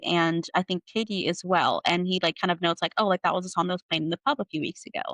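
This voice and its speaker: A woman co-hosting a book podcast, retelling scenes quickly and fondly in casual chat. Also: fairly low pitch, fairly bright tone, no echo.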